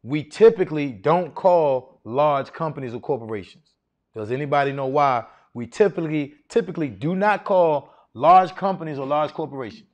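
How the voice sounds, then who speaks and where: Animated man coaching a seminar crowd. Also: a little high, normal speed, dull audio. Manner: animated, preacherly, quizzing the crowd with questions. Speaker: masterclass speaker on federal contracting. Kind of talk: live seminar talk to an audience.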